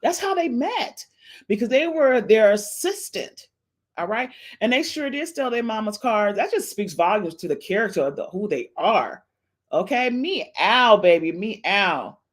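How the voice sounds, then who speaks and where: A woman hosts a loose, chatty live stream, addressing her viewers directly and playfully tossing out meows between thoughts. Her pitch swings widely as she talks, lively and expressive, with a mid-range voice. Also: unhurried. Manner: animated, playful, says meow to the chat; African American Vernacular English speech patterns. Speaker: podcast host. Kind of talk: casual live-stream chat.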